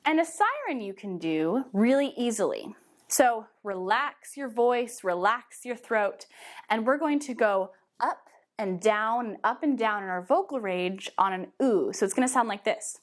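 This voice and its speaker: A young woman teaching a children's movement storytelling class, giving animated, coaxing, sing-song instructions. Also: a little high, a little slow. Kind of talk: guided movement storytelling for kids.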